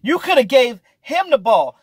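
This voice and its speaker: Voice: high-pitched, sing-song, normal speed, breathy edge, dry recording. A sports vlogger ranting through casual, exasperated commentary, with slang and swearing, hammering points by repeating them.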